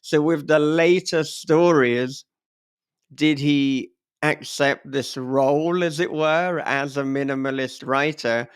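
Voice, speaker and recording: A man's voice: a little high, fairly even intonation, slow pace, clear, resonant tone. A man hosting a podcast interview, reflective and enthused, thinking aloud as he responds to his guest. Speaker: podcast host.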